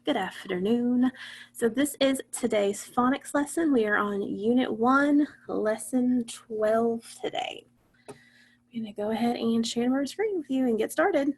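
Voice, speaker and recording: A woman gives an online phonics lesson over a computer mic. Her voice sits a little high, with a gravelly edge of fry. She talks patiently, asks the class questions and answers them herself. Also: measured pace. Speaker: teacher.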